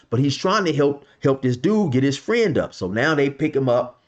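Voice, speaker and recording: A man's voice: mid-range voice, expressive, moderate pace, darkish tone, highs cut off. A man casually telling a story from his past in loose slang, filling it with "you know" and "man.". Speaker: vlogger telling a street story.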